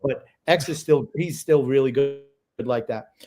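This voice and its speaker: A man's voice: medium pitch, measured pace, a little mellow. A middle-aged man co-hosting a casual podcast, telling stories in a blunt, teasing way. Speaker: co-host, father.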